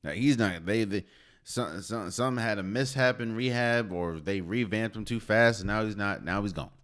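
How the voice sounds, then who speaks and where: A man's voice: on the low side, normal speed, a bit bright. A man hosting a solo podcast, talking casually and conversationally, often repeating himself and restarting phrases. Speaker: podcast host. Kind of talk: solo sports talk.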